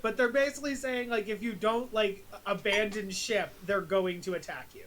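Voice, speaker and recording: A woman as dungeon master, explaining rules with lots of fillers and quick laughs. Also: mid-range voice, fairly bright tone, a little hiss or hum. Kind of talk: running a tabletop game on stream.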